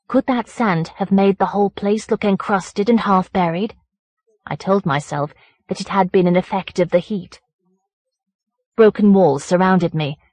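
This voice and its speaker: Measured woman reading a horror story. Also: medium pitch, a little mellow, dry recording. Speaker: audiobook narrator.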